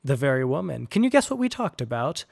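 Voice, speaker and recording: A man's voice: mid-range voice, sing-song, quick pace, creaky. A man voicing a sly young man who teases his friend in a playful way. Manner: sly, teasing.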